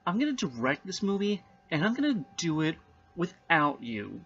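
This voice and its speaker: A man's voice: on the high side, big pitch swings, moderate pace, dull audio, faint music behind. A man voicing a jealous male film director in a melodramatic comedy sketch, accusing and dramatic. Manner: melodramatic, accusing, rising to shouts.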